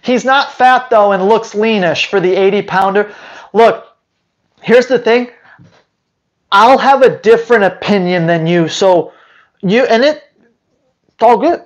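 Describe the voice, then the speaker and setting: A man's voice: very high-pitched, unhurried, dull audio. A man who hosts a dog training channel, answering viewer questions live in a blunt, teasing way full of rhetorical questions.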